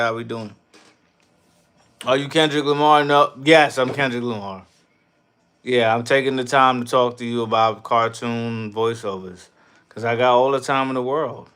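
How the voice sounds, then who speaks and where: Profane, animated man chatting on a livestream. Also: medium pitch, clean tone. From New York. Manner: loud, profane, laughing riffs. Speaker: livestream host reading chat. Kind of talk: casual livestream chat.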